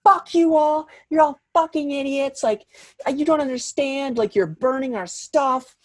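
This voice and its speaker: Brief: angry, cursing young woman on a bad trip, high and loud, as a man puts her on. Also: moderate pace, no room sound, studio quality. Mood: enraged. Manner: yelling, cursing, belligerent.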